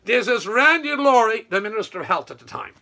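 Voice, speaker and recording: A man's voice: high-pitched, big pitch swings, a little fast, gravelly, sharp tone, heavily acted. A man voicing a pompous, indignant male politician who insists on his own importance and repeats his title. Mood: offended.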